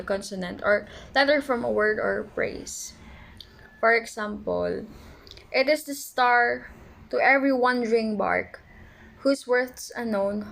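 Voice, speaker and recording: A woman's voice: on the high side, creaky, low-quality recording. Woman reading a poetry lesson aloud. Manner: reads definitions aloud from notes, small stumbles. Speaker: student presenter. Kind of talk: reading a class report on poetic devices.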